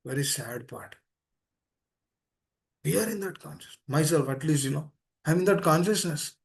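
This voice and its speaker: A man giving a devotional talk to devotees, earnest and pleading, repeating phrases as his voice swings between soft and emphatic. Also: a little high, expressive, moderate pace, gravelly. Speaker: speaker at a temple meeting. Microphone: online meeting room.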